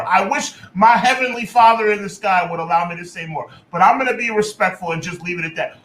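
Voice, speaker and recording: A man with a very high, bright voice rants on a podcast, whipping up mock outrage and hammering the same lines again and again. His voice swings widely up and down. It rings out in an echoey room. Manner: exaggerated mock outrage, repeating lines, shouting. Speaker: podcast co-host. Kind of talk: heated wrestling podcast rant.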